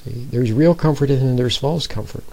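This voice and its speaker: Gravelly, husky man giving a talk. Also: mid-range voice, normal speed, warm tone, rough recording. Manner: informal, checks in with listeners with repeated "see?". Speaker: speaker giving a Bible talk. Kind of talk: conversational sermon.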